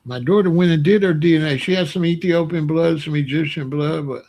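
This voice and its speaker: A man's voice: a little high, a little fast, a little mellow. Blunt, profane ranting man. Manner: blunt, profane, repetitive, dismissive. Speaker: commentator reacting to comments. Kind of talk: casual ranting commentary.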